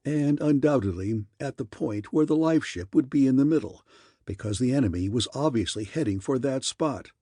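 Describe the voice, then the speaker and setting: Husky, mellow male audiobook narrator. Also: mid-range voice, moderate pace, no room sound, clean studio sound. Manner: steady storytelling. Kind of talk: scripted narration.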